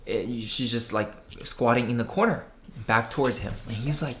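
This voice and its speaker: A young woman with a very low voice tells creepy tales in a relaxed chat. She acts out each character's lines with lively shifts, though her everyday tone stays deep. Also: fairly quick. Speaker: guest storyteller. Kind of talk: telling spooky stories in casual chat.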